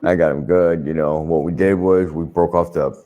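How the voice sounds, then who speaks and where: A man's voice: low voice, fairly even intonation, normal speed, narrow, tinny audio. An older man telling a rambling, profane anecdote in an interview, often restarting and swearing freely. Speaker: wrestler telling a story in an interview.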